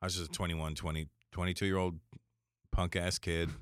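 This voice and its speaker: Fast-talking deep-voiced Canadian man. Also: level tone, clean tone, dry recording, clean studio sound. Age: 40s. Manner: quick, joking, self-deprecating storyteller. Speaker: comedian guest. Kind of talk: casual interview chat.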